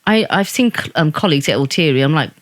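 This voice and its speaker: A woman's voice: low voice, expressive, fast talker, no room sound. A woman, a podcast guest, talking frankly and playfully in casual chat. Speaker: podcast guest, wedding photographer.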